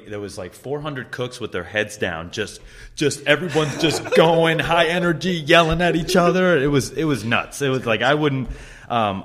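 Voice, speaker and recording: A man's voice: mid-range voice, a bit bright. A man hosting a podcast, telling kitchen stories in casual chat, swearing freely and laughing as he talks. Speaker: podcast host.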